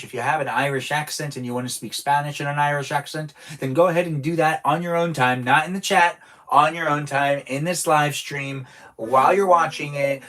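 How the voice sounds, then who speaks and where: A man's voice: a little high, a bit bright. A man chatting playfully with his live-stream audience while gaming, rambling and full of energy. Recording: clear background music. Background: music.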